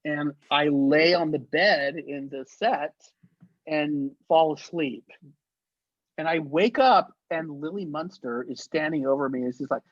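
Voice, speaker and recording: A man spinning profane anecdotes in a lively, laughing way, his voice sitting a little high for a man. The recording is dry and slightly muffled, close and free of room sound. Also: a little slow, dry recording. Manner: animated, profane, laughing through his stories. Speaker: guest, actor and effects artist. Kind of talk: casual anecdotal storytelling.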